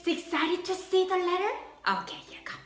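A woman's voice: very high voice, very animated, a little fast, fairly bright tone, reverberant. A woman leading a preschool art and music circle time, exclaiming and sing-song as she plays with puppets for young children.

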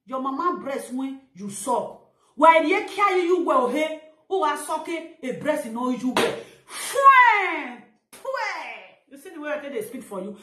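Nigerian woman, high voice, hurling insults in a fiery live-video rant, echoey room. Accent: Nigerian Pidgin English. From Edo, Nigeria. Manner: scolding, insulting, loud exclamations.

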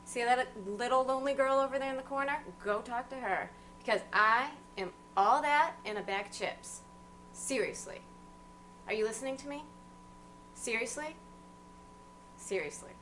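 A woman's voice: high voice, normal speed, pauses often, a bit bright. A woman playing an exasperated, whiny young female bank teller stuck on a bad date in a comedy sketch, recorded with noise and hum. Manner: whiny, exasperated, repeats "seriously". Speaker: sketch actor. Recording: noisy amateur recording with hum.

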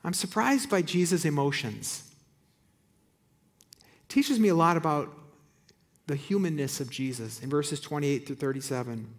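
A man's voice: fairly high pitch, animated, moderate pace, pauses often. A man pastor preaching a sermon in a church auditorium, reading scripture aloud with rising, emphatic peaks. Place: church auditorium with balcony and online audience.

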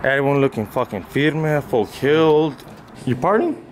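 A man's voice: medium pitch, animated, normal speed. A man hosting a casual road-trip vlog, teasing his friends in a hyped way. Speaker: vlogger, podcast host. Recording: noisy on-the-road ambience.

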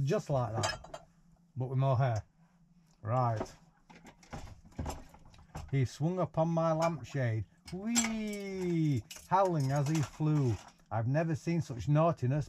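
A man's voice: fairly high pitch, expressive, takes it slowly, pauses often, dark tone, slight background noise. A man reads a picture book aloud to a baby in a caravan, breaking off for playful, teasing asides. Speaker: parent reading to a baby. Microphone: 360 VR camera.

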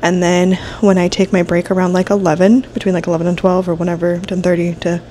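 This young woman talks fast, her fairly low, warm voice showing little pitch movement. She's sleepy and yawning, nasal from allergies, chatting and rambling with many fillers in a casual vlog. It's filmed on a handheld camera in her kitchen and office at home.

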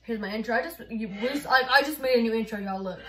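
A woman's voice: on the high side, fast talker. A woman chatting casually to her viewers in a rambling way, full of fillers, recorded on a phone. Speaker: YouTuber. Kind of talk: casual vlog chat. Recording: roomy with background music.

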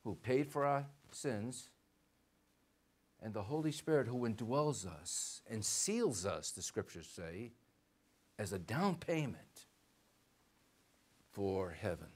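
A male pastor preaching a sermon in a church, lively and conversational, acting out short bits of dialogue and putting questions to the congregation. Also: fairly low pitch, takes it slowly, long pauses, husky. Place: church sanctuary.

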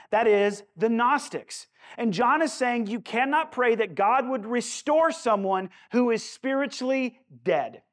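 High-voiced pastor preaching earnestly. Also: male voice. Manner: earnest and conversational, with asides to the congregation. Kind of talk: sermon. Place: church sanctuary.

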